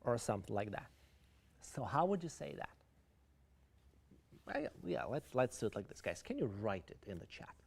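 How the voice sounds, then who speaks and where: An English teacher with a Ukrainian accent gives an online lecture on idioms, switching between English and Russian and asking viewers to answer in the chat. His medium-pitched voice is gravelly, husky, and a little mellow, with big pitch swings. He speaks at a moderate pace and pauses often.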